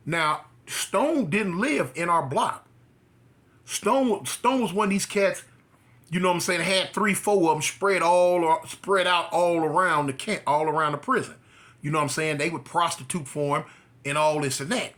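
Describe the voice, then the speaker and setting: A man from California, a former prisoner, telling his story in a casual way and acting out the dialogue. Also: moderate pace. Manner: animated, acts out dialogue with rising pitch.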